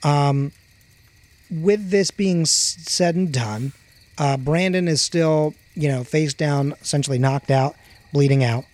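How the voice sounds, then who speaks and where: A man's voice: on the high side, takes it slowly, a little mellow. A man narrating as game master of a tabletop game, full of hesitant ums and uhs.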